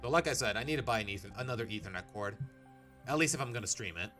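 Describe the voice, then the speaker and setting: Male streamer, casual game commentary, rambling, lively ups and downs, soft game music. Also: lowish voice, rapid-fire. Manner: rambling, chatty, restarts sentences. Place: home.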